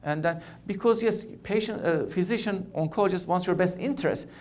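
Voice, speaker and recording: This middle-aged oncologist's keynote is conversational and halting, with many repeated words. His voice sits high and sounds a little mellow.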